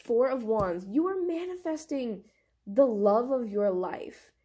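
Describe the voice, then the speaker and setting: A young woman doing a casual tarot reading to camera, excitable and gushing, with lots of "like". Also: fairly high pitch, slow. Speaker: tarot reader.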